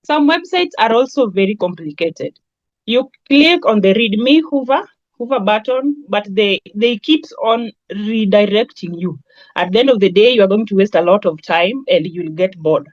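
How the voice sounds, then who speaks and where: A woman's voice: medium pitch, lively intonation, moderate pace, no room sound, highs cut off. A woman with a Kenyan accent giving a lecture on branding, talking in a conversational way with everyday examples. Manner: conversational, with lots of everyday examples and Swahili asides. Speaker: branding trainer.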